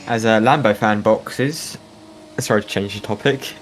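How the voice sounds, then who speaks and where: A man's voice: lowish voice, moderate pace, a little hiss or hum, low-quality recording. A man, commentating a sim racing stream in a casual, joking manner. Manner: joking, playful, chatty with chat.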